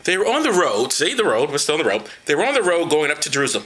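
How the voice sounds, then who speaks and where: Reading the Bible aloud for comedy, this man layers on profane, mocking commentary and uses put-on voices for the quoted lines. His voice is a little high and fairly bright, rapid-fire with big pitch swings. He gestures as he reads and knocks things over.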